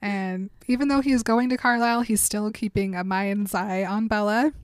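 A woman's voice: mid-range voice, steady tone, moderate pace, no echo. Chatty young woman with a dry close sound. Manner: chatty, laughs often, reads excerpts dramatically. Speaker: podcast co-host. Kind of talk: casual book discussion chat, reading passages aloud.

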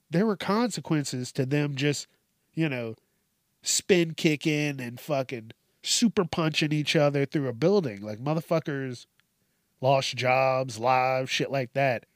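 A man's voice: mid-range voice, no room sound, clean studio sound. A man hosting a podcast alone, rambling through a casual, profane, self-mocking monologue. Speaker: podcast host.

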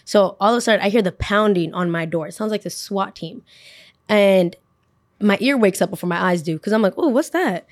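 A woman's voice: medium pitch, a little fast, no room sound, studio quality. A young woman telling a personal story in casual podcast storytelling, acting out what everyone said. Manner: animated, acts out quotes of others. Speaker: podcast host.

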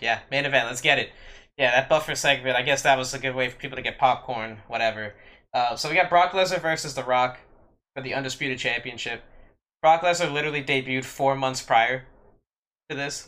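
Man, podcast co-host, casual chat, blunt and opinionated, sharp tense tone. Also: medium pitch. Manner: blunt, opinionated, heavy with "like" fillers.

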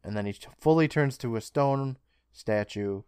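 A man co-hosting a casual podcast, retelling a show's scenes with quick character lines and frequent laughs. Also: medium pitch, darkish tone, clear, resonant tone, no echo, clean studio sound. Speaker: podcast co-host. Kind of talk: casual recap chat.

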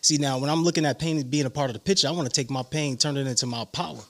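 A man from New York with a New York accent, a guest telling his life story in an animated way. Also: medium pitch, rapid-fire. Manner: animated storyteller, acts out quotes. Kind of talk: casual interview storytelling.

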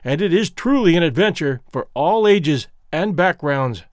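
A man with a Midwestern accent hosting a story podcast, giving a measured, explanatory introduction and reading aloud. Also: fairly high pitch, lively intonation, dry recording, clean studio sound. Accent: Midwestern American. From American Midwest. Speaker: podcast host and reader.

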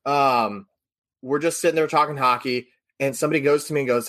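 A man on a podcast telling a story in a casual, animated way, acting out the people he quotes. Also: mid-range voice, brisk.

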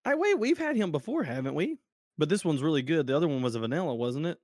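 A man co-hosting a casual card game podcast, talking excitedly and laughing often, with sudden jumps up in pitch. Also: quick pace, dry recording, studio quality.

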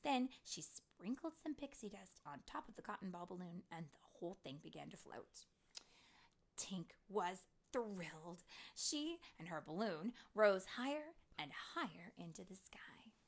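A young mother reading a storybook aloud to her child, often dropping to a hushed whisper. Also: medium pitch, very animated, a little slow, gravelly.

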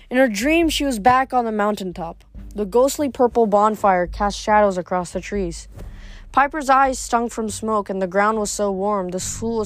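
A woman reading a novel aloud in steady storytelling narration. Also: mid-range voice, dry recording. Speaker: reader.

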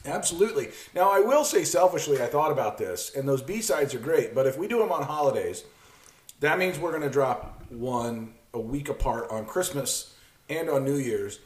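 A man's voice: medium pitch, expressive, normal speed. A man co-hosting a podcast in casual chat, joking and laughing often. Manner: jokey, laughs often, does silly voices. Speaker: podcast co-host. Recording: echoey room.

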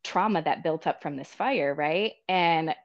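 A woman talking as a podcast guest, telling personal stories in an animated, casual way and laughing often. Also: sits low, measured pace, lo-fi sound. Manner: animated, laughs often, acts out quoted people. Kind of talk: casual storytelling chat.

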